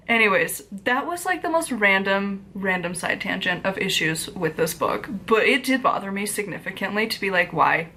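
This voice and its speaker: A woman's voice: medium pitch, animated, normal speed, hardly any pauses, pushed and bright, slight background noise. A woman giving a casual book review as a vlog host, ranting with exasperation, saying "like" constantly and swearing freely. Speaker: book reviewer and witchcraft author.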